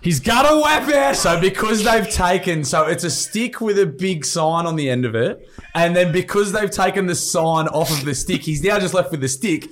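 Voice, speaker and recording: A man's voice: sits high, moderate pace. A man co-hosting a podcast in casual chat. He is blunt and crude in his banter and laughs often. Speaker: podcast co-host.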